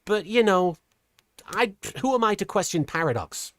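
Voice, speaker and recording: A middle-aged woman streamer chatting casually while reading super chats, earnest and halting, with a softened feminine voice. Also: mid-range voice, expressive. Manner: earnest, halting with many restarts; voice softened toward a feminine sound. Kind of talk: casual livestream chat.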